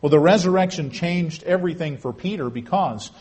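A husky-voiced man preaching in a somewhat high register. He tells the story earnestly, swelling to emphatic peaks and then dropping to a hush. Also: a little fast. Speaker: pastor. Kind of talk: sermon.

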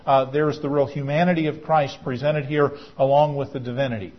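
A man's voice: mid-range voice, steady tone, brisk. A male pastor preaching a sermon in an earnest, explanatory way, sometimes restarting his words. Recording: dull lo-fi recording.

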